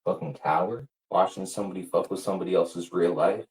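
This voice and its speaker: Profane, furious low-voiced man. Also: fairly even intonation, brisk, a little hiss or hum, poor audio. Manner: heated, profane, repetitive. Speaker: livestreamer. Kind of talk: angry livestream rant.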